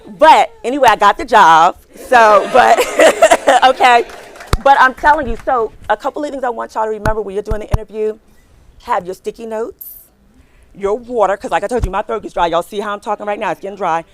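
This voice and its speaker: A woman in her forties giving a lively career talk to a live audience, chatty and animated, talking straight to the crowd and acting out her own reactions as she tells a story. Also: mid-range voice, fairly quick, a little hiss or hum. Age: 40s.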